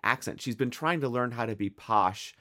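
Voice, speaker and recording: An American man co-hosting a podcast, chatting casually and retelling an episode with quick asides. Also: mid-range voice, a bit bright. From United States. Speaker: podcast co-host. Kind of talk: casual chat reviewing a TV episode.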